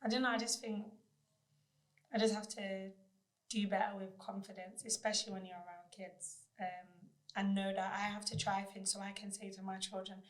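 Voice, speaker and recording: A woman's voice: medium pitch, moderate pace. A young woman, a mother, talking candidly and reflectively in a casual podcast chat. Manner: candid, reflective, flat-toned. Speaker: podcast guest.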